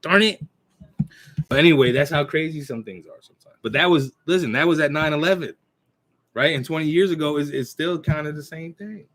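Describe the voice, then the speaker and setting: A man's voice: a little high, fairly bright tone. Rambling man in his forties. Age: 40s. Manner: rambling and loose, with many restarts and throat clearing; recites his own verses in a slow, measured cadence. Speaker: channel host. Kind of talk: casual talk to camera. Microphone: computer mic.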